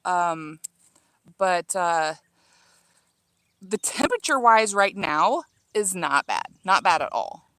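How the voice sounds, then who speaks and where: A woman's voice: lowish voice, animated, slow, long pauses, fairly bright tone, no room sound. A woman in her thirties from Illinois, chatting casually with livestream viewers while trimming herbs in her garden, reading their comments aloud and talking with many fillers and restarts. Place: outdoor home garden.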